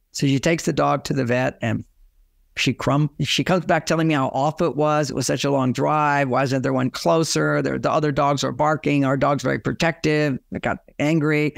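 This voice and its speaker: Gravelly older man telling stories. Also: fairly high pitch, dry recording, clean studio sound. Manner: animated storyteller, acts out dialogue. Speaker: relationship author and guest. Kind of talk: storytelling advice in conversation.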